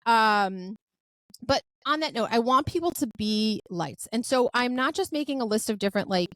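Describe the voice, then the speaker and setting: A woman with a fairly high voice hosts a podcast at a moderate pace, chatting casually and effusively with lots of filler words. She's a lively storyteller who acts out quoted dialogue, and the recording has no echo.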